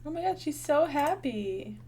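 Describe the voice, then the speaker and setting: A woman in her twenties chats her way through a farming game, bubbly and thinking out loud to her viewers. Her voice sits a little high and she talks at an easy, unhurried pace. Faint keyboard tapping ticks along behind her. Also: very animated, slight background noise. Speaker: gaming channel host. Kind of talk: casual gameplay commentary.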